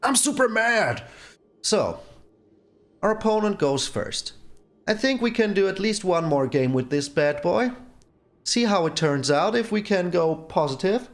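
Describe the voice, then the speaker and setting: A man's voice: sits high, expressive, moderate pace. A man hosting his own gaming channel, giving casual gameplay commentary and exclaiming in exasperation at his bad luck.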